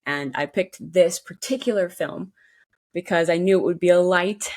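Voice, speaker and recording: A woman's voice: fairly low pitch, normal speed. A woman co-hosting a podcast in casual chat, bubbly and chatty, joking at her own expense. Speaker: podcast co-host.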